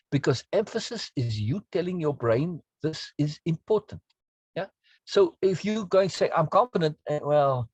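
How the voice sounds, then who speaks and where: A man's voice: on the high side, husky, no echo. A man teaching a self-help course, explaining in an earnest, emphatic way and often checking in with the listener. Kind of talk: spoken lesson on self-talk.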